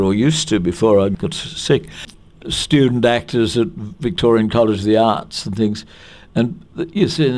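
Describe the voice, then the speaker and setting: A man's voice: mid-range voice, darkish tone. An older Australian man, a veteran actor, reminiscing in an interview with a chatty, anecdotal manner, restarting phrases as he goes. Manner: anecdotal and chatty, with restarts and quotes acted out in other voices.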